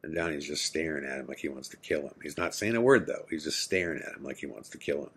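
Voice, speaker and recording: A man's voice: rumbling low, fast, a bit bright, husky. A man hosting a podcast, telling a true personal story in an intense, earnest way. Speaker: podcast host.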